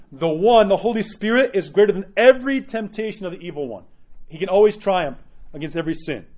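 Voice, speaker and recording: A man preaching a sermon as an Orthodox priest, earnest and animated, often checking in with "right?". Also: high-pitched. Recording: dull lo-fi sound.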